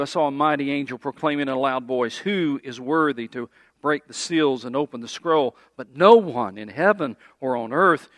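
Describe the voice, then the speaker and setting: A man preaching a sermon, building to loud emphatic declarations and dropping to quiet asides, putting questions to the congregation. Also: a little high, dry recording.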